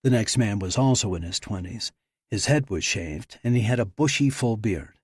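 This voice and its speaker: A man reading an audiobook in measured, scripted narration on a close mic. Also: lowish voice, lively intonation, darkish tone, husky, no echo.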